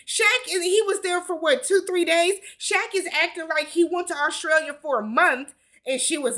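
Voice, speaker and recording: Sassy high-voiced woman recapping. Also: unhurried, pushed and bright. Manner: blunt, exasperated, profane commentary. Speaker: reality TV recap vlogger. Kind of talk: casual opinionated recap.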